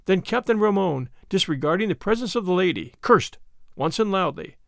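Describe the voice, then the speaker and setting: Man narrating a story, high voice, lively and dramatic, dry close sound. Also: normal speed, gravelly, no echo. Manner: expressive, dramatic reading.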